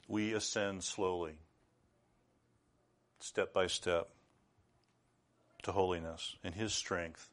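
A middle-aged man delivers a sermon, his voice sitting low. He speaks earnestly and with measure, then breaks into sudden loud outbursts. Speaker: preacher.

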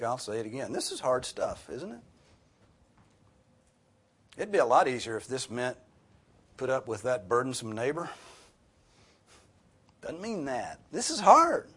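A man preaching a sermon as pastor, earnest and rising sharply for emphasis on key points. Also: mid-range voice.

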